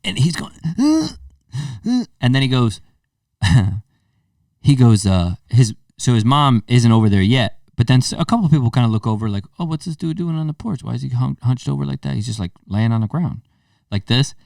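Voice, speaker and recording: With a gravelly, medium-pitched voice at a moderate pace, this thirtysomething podcast host tells a casual story and acts out the quotes with animation. The sound is studio quality with no echo, though he sits far from the mic.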